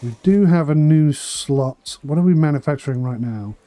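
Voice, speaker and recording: Mellow-voiced man thinking aloud over a game. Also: a little high, expressive, moderate pace. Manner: thinks aloud while playing, dry asides. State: slight tickly throat with coughs. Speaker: game streamer. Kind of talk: casual charity livestream commentary.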